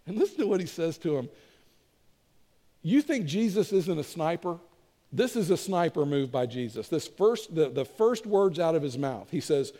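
High-pitched male pastor, chatty storyteller, big echoing sanctuary. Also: animated, moderate pace, mellow. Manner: conversational storytelling with acted quotes. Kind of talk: sermon. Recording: long hall reverb.

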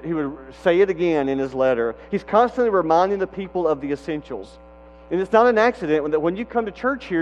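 A man with a high voice delivers an emphatic sermon in a church, repeating his key questions for weight. The sound is dull and lo-fi, with a long reverb tail from the big room and a faint electrical hum underneath. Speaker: pastor.

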